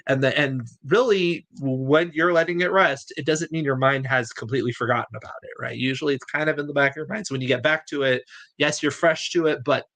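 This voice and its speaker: A man's voice: medium pitch, fairly quick, a bit bright. A man hosting a livestream chat, enthusiastic and rambling, who laughs often. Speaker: host.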